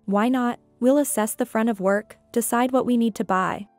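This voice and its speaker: A woman voicing a gentle, hurt middle-aged divorced mother in a read-aloud story, speaking in a soft, measured way. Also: fairly high pitch, dry recording, soft background music, close to an everyday voice.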